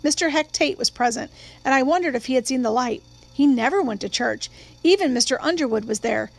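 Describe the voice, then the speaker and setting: A woman narrating a novel as an audiobook in steady, even storytelling, close to the mic. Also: high voice, fairly quick, creaky. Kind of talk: scripted narration.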